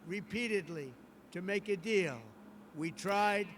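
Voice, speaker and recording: A man's voice: high-pitched, slow, a bit bright, slight background noise. A man giving a formal televised address as a head of state, emphatic and repeating himself. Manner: repetitive, emphatic.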